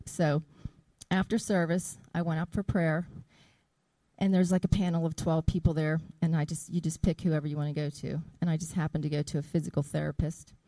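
A middle-aged woman shares a church testimony in an earnest, unhurried way. Her voice sits a little low and sounds warm and mellow. The recording is close and dry, with no room echo. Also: level tone. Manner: earnest, slow and deliberate when reading scripture. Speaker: church member giving a testimony. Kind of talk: testimony and scripture reading.

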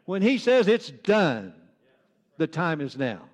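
A male pastor with a notably high voice preaches an earnest sermon, circling back and repeating phrases to drive each point home. He speaks slowly with big pitch swings, and a long reverb fills the church hall.

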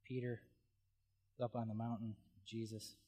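Animated male pastor in a reverberant hall. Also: on the low side, unhurried, husky. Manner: animated, humorous, exclaims "whoa". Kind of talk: sermon. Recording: long reverb of a large hall.

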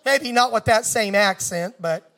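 Male preacher, very high voice, slow deliberate delivery, emphatic storytelling. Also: a bit bright. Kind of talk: sermon.

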